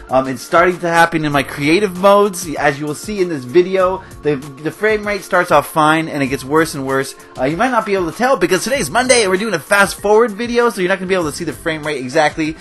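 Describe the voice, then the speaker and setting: A man's voice: fairly high pitch, animated, quick pace, hardly any pauses, a bit bright, faint music behind. Ranting, worked-up gaming host man. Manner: chatty, with frequent fillers and nervous laughs. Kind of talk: casual game commentary over gameplay.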